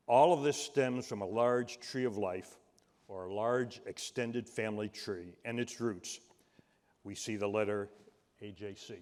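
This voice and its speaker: A man with a Boston accent giving a measured, warm tribute speech at a gala, turning fumbling when he improvises. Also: medium pitch. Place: large event hall. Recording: reverberant hall.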